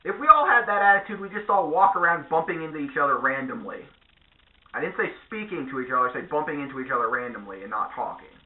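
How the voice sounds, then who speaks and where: A man delivering a sarcastic, profane vlog rant in a lively, animated way. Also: on the high side, fast, echoey room, phone-quality sound. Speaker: vlogger. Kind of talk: ranting monologue.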